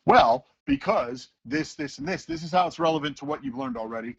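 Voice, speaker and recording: Man, teacher, lively storytelling, gravelly, lo-fi call audio. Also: fairly high pitch, brisk. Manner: animated storyteller who acts out voices. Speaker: teacher, interview guest. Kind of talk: casual interview talk.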